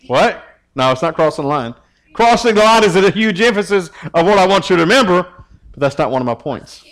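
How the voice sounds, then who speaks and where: A youth pastor gives a relaxed sermon. He teases his listeners and keeps throwing questions at them, his voice sitting slightly high for a man. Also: brisk. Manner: joking, teasing, asks the group questions.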